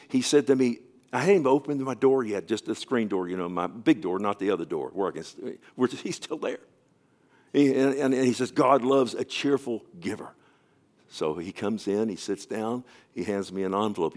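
A pastor with a lowish voice preaches a sermon and tells a story at a brisk pace. He often drops to a soft, near-whisper, with stammering restarts.

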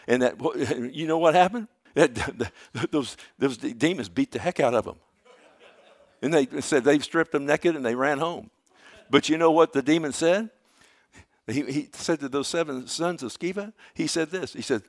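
A man's voice: medium pitch, moderate pace, no room sound, studio quality. A man preaching a sermon, fervent and emphatic, repeating phrases and calling listeners "loved one". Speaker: pastor. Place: church service.

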